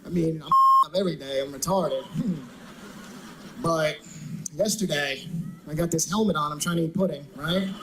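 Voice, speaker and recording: A man's voice: a little high, normal speed, pauses often, background noise. A man doing a stand-up comedy routine in a conversational way, asking the crowd questions.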